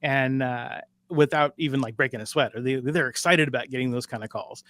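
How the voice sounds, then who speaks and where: A middle-aged man from Alaska talks casually as a podcast guest, a dispatch trainer in his element. His voice sits at an ordinary pitch, loose and self-deprecating, padded with fillers. The sound is dry and close, with no room around it. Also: fairly quick, fairly bright tone, no room sound. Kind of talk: casual interview chat.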